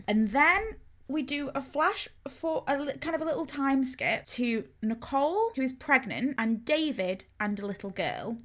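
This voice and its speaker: A woman co-hosting a podcast, casually recapping a book in an animated, sweary way and acting out the characters' lines. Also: a little high, normal speed. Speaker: podcast co-host.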